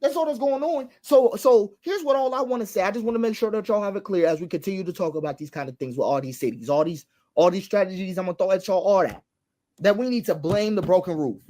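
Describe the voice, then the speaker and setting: A man's voice: sits high, darkish tone. A man giving impassioned social commentary, stressing points by repeating them, asking rhetorical questions and now and then laughing. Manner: emphatic, repeats key phrases, rhetorical questions.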